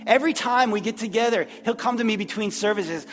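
An earnest male pastor with a high voice delivers a sermon, often repeating himself as he gathers his words. His voice carries a long hall reverb, with faint music underneath. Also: a bit bright. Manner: earnest, repeats phrases, preacherly pauses. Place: church sanctuary.

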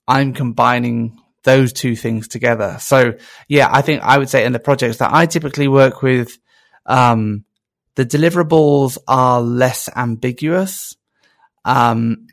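A man with a gravelly voice hosts a casual podcast conversation, thinking aloud as he talks. His voice sounds dry and close, with no room around it. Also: mid-range voice, no room sound. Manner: musing, hesitant, thinking aloud. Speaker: podcast host.

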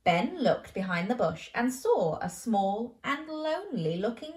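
A woman's voice: on the high side, very animated, measured pace, a little mellow, roomy sound. A woman hosting a children's show, reading a bedtime story aloud playfully and asking the listener questions.

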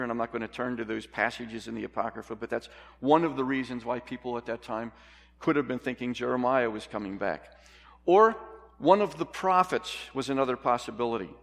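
A man's voice: medium pitch, vocal fry, fairly bright tone. Man preaching in a reverberant hall. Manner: earnest, emphatic preaching with rhetorical questions to the congregation. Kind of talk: sermon.

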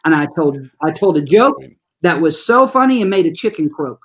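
A school staff member who works with children, telling stories in an interview in an animated, folksy way and addressing listeners as "y'all". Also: medium pitch, fairly quick. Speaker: school trauma-informed support staff. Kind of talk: storytelling in an interview.

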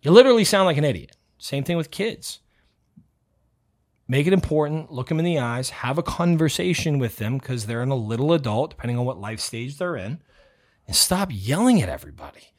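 A man hosting a motivational podcast, talking bluntly and loudly with some swearing, a self-described yeller. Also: mid-range voice, big pitch swings, moderate pace, pauses often. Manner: blunt, profane and fired up. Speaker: podcast host.

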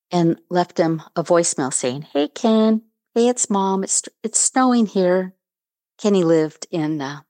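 A woman's voice: sits low, a little mellow, dry recording. A middle-aged woman hosting a podcast, telling a personal story in an earnest, reflective way. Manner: earnest, reflective retelling with reenacted dialogue. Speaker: podcast host.

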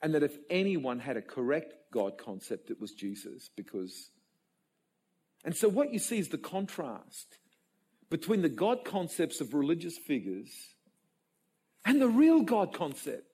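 Male preacher, emotional storyteller, lively pitch, breathy tone. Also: measured pace. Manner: emotional, animated storytelling with repeated stammered restarts. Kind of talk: sermon.

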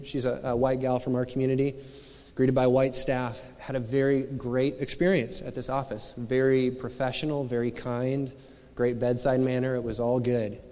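A man's voice: mid-range voice, darkish tone. A man preaching a sermon as pastor, talking in a conversational, searching way full of rhetorical questions. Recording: long hall reverb.

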